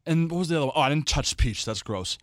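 Young co-host, lively storyteller, swings his pitch a lot, dry close mic. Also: fast, no echo. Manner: animated storyteller, acts out quotes in a high voice. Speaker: podcast co-host. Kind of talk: casual chat.

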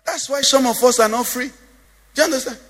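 A man's voice: extremely high pitch, a little fast, fairly bright tone, big-room sound. A male pastor preaching a sermon, lilting in a sing-song way and asking the congregation questions. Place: church.

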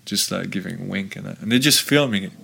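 A man's voice: low voice, fast talker, creaky, slightly rough. A man, a former footballer, guest on a podcast, telling long rambling anecdotes with lots of fillers. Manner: rambling, filler-heavy, animated storytelling.

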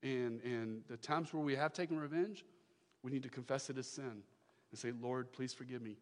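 A male pastor preaching a sermon, emphatic, repeating his phrases and swinging from loud declarations to hushed lines. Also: medium pitch, normal speed, big-room sound.

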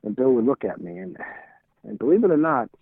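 This middle-aged man's medium-pitched voice is expressive, slightly rough, and a little fast. As an interview guest he tells rambling stories, stumbling over repeated words and acting out old dialogue, on tinny phone-like audio without room sound.

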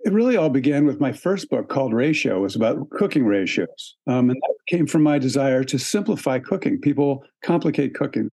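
A man speaking as a guest on a conversational podcast. His voice sits at a middling pitch, and he thinks aloud with plenty of ums and small restarts. His delivery is relaxed and unhurried. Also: husky. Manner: thoughtful, with frequent ums and restarts. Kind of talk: relaxed conversational interview talk.

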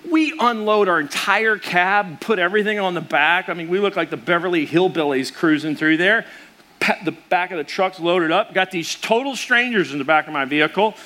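A male pastor delivering a sermon, animated and humorous, with stories and asides to the congregation. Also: high voice, normal speed.

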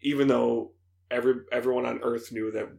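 A young man co-hosting a gaming podcast, chatting casually and excitedly with many fillers. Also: medium pitch, fairly quick, gravelly. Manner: excited, fillers, laughs, imitates voices. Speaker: podcast co-host. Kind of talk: casual chat.

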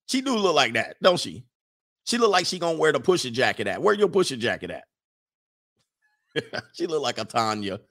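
A man, riffing in casual comedic commentary with animated, laughing, slangy storytelling. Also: a little high, moderate pace, pauses often. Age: 40s.

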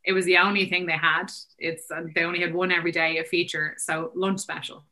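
An Irish woman talks fast and loosely, her speech dotted with fillers. Her voice sits a little low but sounds bright and forward. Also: flat delivery. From Ireland. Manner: quick chatty talk full of fillers. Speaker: guest. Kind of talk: casual conversation.

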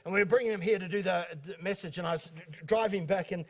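A man pastor hosting a church talk from the stage, speaking quickly and excitably with many stumbling restarts. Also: high-pitched. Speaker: pastor and host. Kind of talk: church talk introducing guests.

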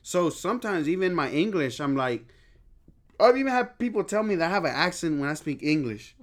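A podcast host with Spanish as his first language talks in a relaxed, swearing, joking way. His voice sits a little high for a man. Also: brisk. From Texas. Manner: loose, profane, laughing storyteller. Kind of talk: casual chat.

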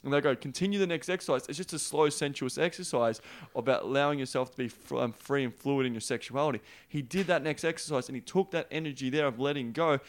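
A man's voice: mid-range voice, fast talker. A man, a host and coach, talking bluntly and energetically in casual chat, swearing often. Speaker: podcast host and workshop coach.

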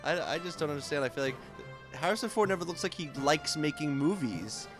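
A man on a comedy podcast, giving halting, rambling opinions. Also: on the high side, animated, music in the background. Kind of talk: casual comedic banter.

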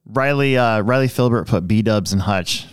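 A man's voice: on the low side, moderate pace, smooth, dry recording, clean studio sound. A man co-hosting a hobby podcast, telling a rambling story in casual chat and restarting his sentences often. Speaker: podcast co-host.

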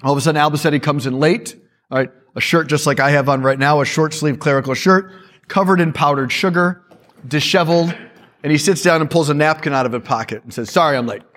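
A male priest speaking to a church audience, telling stories in a lively way with quick asides. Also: on the high side.

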